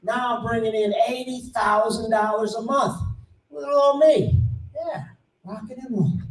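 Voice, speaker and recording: A middle-aged man giving a conference talk, telling a folksy story and acting out the dialogue with animated voices. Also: very high-pitched, normal speed. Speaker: conference speaker. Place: conference room. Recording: roomy, distant mic, faint ambience.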